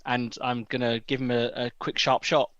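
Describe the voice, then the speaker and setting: A man playing a tabletop role-playing game, quickly rambling through what his character does. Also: medium pitch, level tone, fairly bright tone, no room sound, lo-fi sound. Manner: quick, rambling, explains his moves at length. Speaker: player. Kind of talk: tabletop role-play chat.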